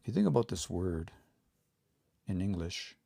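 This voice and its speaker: A man giving a relaxed livestream language lesson, explaining patiently and thinking aloud as he reads out viewer comments. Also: low voice, normal speed, gravelly. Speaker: language teacher.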